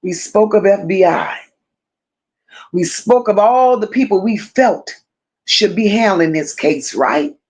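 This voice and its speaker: Her mid-range voice is husky and darkish, with lively intonation, as she hosts a live stream. She reads viewer comments out loud and answers them, speaking slowly, repeating phrases for emphasis, and chatting with viewers as close friends.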